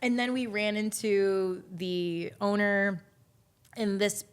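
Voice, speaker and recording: A woman's voice: medium pitch, clear, resonant tone. A woman guest on a podcast, chatting candidly in a goofy, off-the-cuff way. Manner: goofy, candid, talks in quick bursts. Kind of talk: casual chat.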